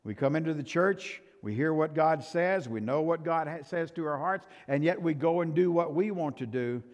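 An older male pastor preaching a sermon, emphatic and swinging from loud to soft, in a church sanctuary. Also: on the high side, normal speed. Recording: reverberant church hall.

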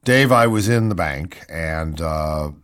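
Sardonic male radio host, lively delivery. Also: extremely low pitch, slow pace, clean tone. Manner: sardonic, mocking storyteller. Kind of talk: comic radio talk, reading news with commentary.

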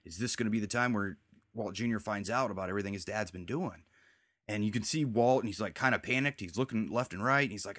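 Low-voiced man in a casual recap chat. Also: fast talker, a bit bright, dry recording, clean studio sound. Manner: rambling, retells scenes with quoted lines. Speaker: podcast host.

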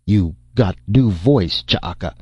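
A man's voice: deep voice, expressive, takes it slowly, a little mellow, breathy edge, dry recording, dull audio, heavily acted. A man doing a blustering, brutish tribal slaver chief. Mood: gruff. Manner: broken clipped speech, blustering. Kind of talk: audiobook character voice.

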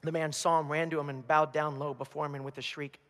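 High-voiced preacher in an echoing hall. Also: male voice, fast. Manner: humorous, animated storytelling. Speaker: pastor. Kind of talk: sermon. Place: church.

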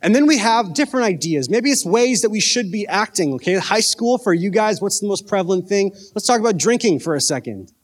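A man's voice: high-pitched, very animated, brisk, hardly any pauses. A man preaching a casual youth sermon, joking and asking his listeners questions. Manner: casual, conversational preaching with jokes and questions to the audience. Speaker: youth pastor.

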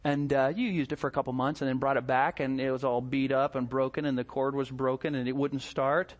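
A man's voice: mid-range voice, fairly quick. A male pastor preaching a sermon, telling stories and acting out scenes. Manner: animated storytelling, acts out scenes.

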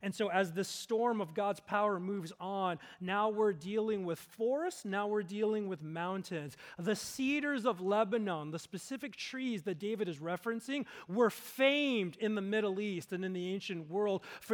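A man with a notably high voice delivers a sermon from the pulpit. He preaches earnestly, building to loud, emphatic peaks and then sinking low and slow for the weighty lines. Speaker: pastor.

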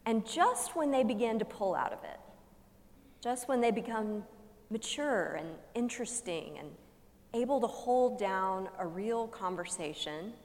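A woman pastor delivering a sermon as a humorous story, with dramatic pauses and shifts between loud emphasis and hushed soft lines. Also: medium pitch, animated. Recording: long reverb of a large hall.

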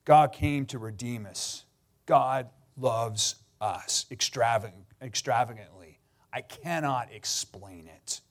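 A middle-aged Canadian pastor with a mid-range voice preaches slowly. He shares personal stories in an earnest manner that sometimes turns emotional.

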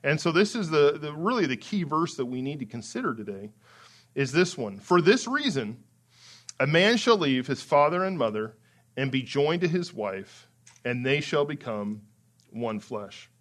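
Male pastor, slightly high voice, conversational sermon delivery with animated quoted lines. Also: moderate pace. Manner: animated, acts out excited quotes with rising pitch; conversational with fillers and small laughs.

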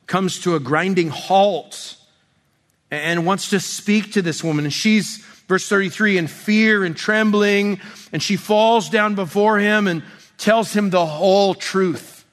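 Male pastor, higher-pitched voice, conversational sermon delivery, restarts often, softens to a hush on tender moments. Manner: conversational, many restarts, drops soft and slow for tender lines. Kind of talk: expository sermon.

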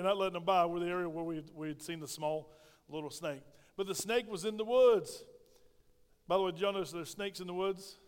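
A middle-aged pastor preaches with a folksy, emphatic delivery and keeps calling out for amens. His voice sits high for a man. The sound rings with a long reverb from the church sanctuary. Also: clear, resonant tone. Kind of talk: sermon.

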